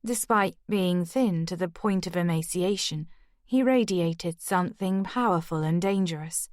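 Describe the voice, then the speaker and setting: A woman narrating an audiobook in a measured, steady first-person reading. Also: on the low side, no echo, studio quality.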